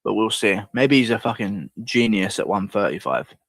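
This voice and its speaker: A man's voice: fairly low pitch, expressive, normal speed, a bit bright, dry recording. A man from the United Kingdom streaming and chatting casually with viewers, rambling and crude.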